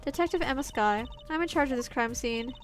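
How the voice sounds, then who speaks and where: A woman's voice: high-pitched, brisk, faint music behind, lightly acted. A young woman voicing a grumpy female detective who speaks in a curt, sardonic way. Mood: irritated.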